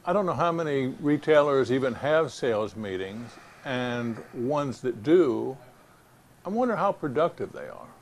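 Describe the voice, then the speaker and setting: A man's voice: mid-range voice, animated, a little slow, slight background noise. A man hosting an interview, posing musing, open-ended questions. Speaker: interview host. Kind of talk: conversational interviewing.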